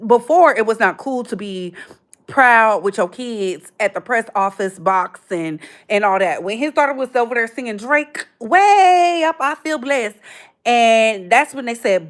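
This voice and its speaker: Woman, 30s, livestream host; slangy, animated gossip commentary, voice sits a touch high. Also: unhurried. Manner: chatty, animated, slangy, calls viewers "baby".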